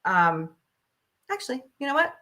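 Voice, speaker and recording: A woman's voice: high voice, very animated, moderate pace, bright, forceful tone. A woman in her forties hosting a casual talk stream, ranting bluntly and profanely, laughing often. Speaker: host.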